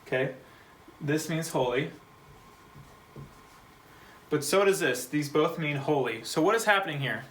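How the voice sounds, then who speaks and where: A man's voice: a little high, lively intonation, fairly bright tone, low-quality recording. A man teaching a short Bible Hebrew lesson for a church kids' program, explaining word by word in a patient, step-by-step way. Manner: patient, slow, spells out words.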